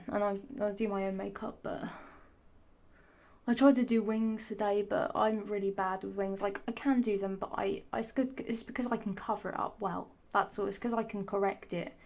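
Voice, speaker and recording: A woman chatting to camera in a loose, rambling vlog. She talks in an unhurried, mid-pitched voice. She is chatty and a little hesitant as she wanders from point to point. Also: fairly even intonation, creaky, darkish tone. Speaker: vlogger. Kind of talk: casual rambling chat to camera.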